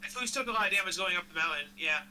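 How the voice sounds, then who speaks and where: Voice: medium pitch, lively intonation, racing, bright, forceful tone, slight background noise, poor audio. A casual, chatty game master running a tabletop game, laughing easily and correcting themselves mid-sentence.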